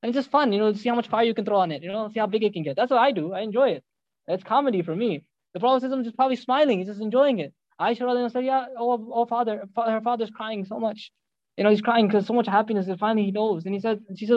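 A man preaching a sermon at a rapid clip in a fairly high voice. He tells the story in quoted voices and breaks into Arabic recitation. The recording is dry and a little dull. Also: dry recording.

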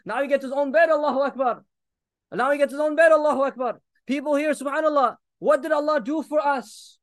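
A man in his thirties delivers an impassioned sermon in a strikingly high voice, weaving Arabic phrases through his urgent appeals to the listeners. The recording is dry and close, with no room sound. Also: fairly even intonation, brisk, dry recording. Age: 30s. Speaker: preacher.

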